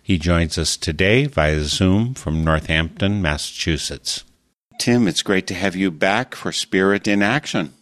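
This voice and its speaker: A man hosting a radio interview show, reading a scripted introduction and then asking measured, thoughtful questions. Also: low-pitched, expressive, a bit bright, dry recording.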